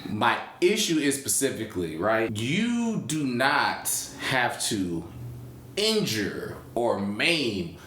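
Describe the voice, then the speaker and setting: A man casually reviewing a horror film, ranting with lots of profanity and getting loud and animated. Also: takes it slowly, roomy sound, slight background noise. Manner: animated, profane, rants with rising pitch.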